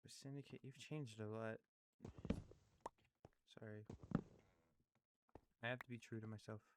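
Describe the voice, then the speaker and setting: A man's voice: on the low side, steady tone, measured pace, very noisy. A man in casual rambling commentary, thinking aloud and apologizing often as he ranks favorite creators, full of fillers and restarts. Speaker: YouTuber ranking favorite creators.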